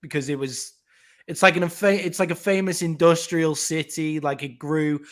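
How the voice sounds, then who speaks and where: A man's voice: on the high side, steady tone, moderate pace, a bit bright. A man from England, a podcast co-host, explaining things in casual chat and swearing freely.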